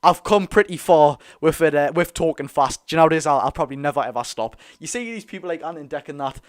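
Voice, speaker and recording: Fast-talking Geordie man commentating football. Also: on the high side. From North East England. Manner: talks very fast; animated, cheers players on. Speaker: fan host of a live watch-along. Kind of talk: excited live football commentary.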